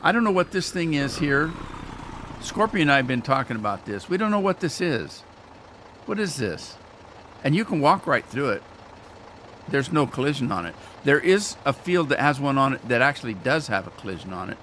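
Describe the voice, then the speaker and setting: A man talks through his gameplay as a streamer, joking in a self-mocking, rambling way. His mid-range voice swings up and down with a lot of life. Engine rumble and ambient game noise sit clearly underneath him. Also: big pitch swings, moderate pace, fairly bright tone. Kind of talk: casual gameplay commentary.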